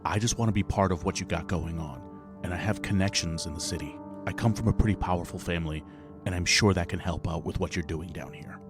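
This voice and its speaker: A man playing a tabletop game, speaking in character in a persuasive, smooth-talking way. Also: low voice, fast, music in the background. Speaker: player. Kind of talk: in-character tabletop role-play.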